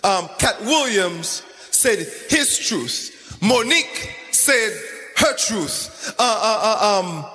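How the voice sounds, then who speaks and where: A man's voice: high-pitched, animated, slow pace, sharp tone, in a large hall, faint music behind. A man preaching a sermon in a sing-song, chanting style, repeating phrases as he goes.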